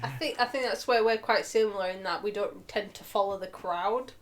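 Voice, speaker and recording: A woman's voice: mid-range voice, brisk. A woman co-hosting a casual podcast chat, swearing freely and acting out quoted lines. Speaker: podcast co-host.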